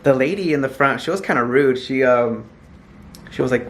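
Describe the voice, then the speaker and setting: A young man from California chatting casually to his phone camera in a hotel, animated and laughing often. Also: medium pitch, a little fast, a little hiss or hum. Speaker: vlogger. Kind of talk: casual vlog chat to camera.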